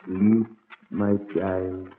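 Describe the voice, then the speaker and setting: A sinister hypnotist speaking in slow, commanding incantations, acted by a man. His voice rings out with a long echo, as if in a stone vault. It comes through a thin, tinny old radio broadcast. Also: on the high side, expressive, slight background noise. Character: sinister male hypnotist performing a soul transfer.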